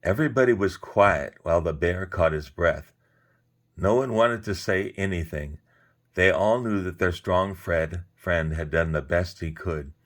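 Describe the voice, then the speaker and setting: A man with a low, deep voice reads a children's story aloud. His reading is expressive and animated, with lively emphasis. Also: a little slow.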